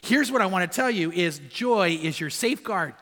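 Male pastor, middle-aged, storytelling sermon style with emphatic repeats, bright tone. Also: high-pitched, animated, moderate pace. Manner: storytelling preacher, emphatic repetition. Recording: long hall reverb.

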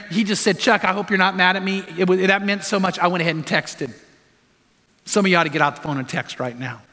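High, bright-voiced preacher in a hall. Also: male voice. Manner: storytelling, earnest, exhorting with repeated commands. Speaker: pastor. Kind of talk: sermon. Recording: long hall reverb.

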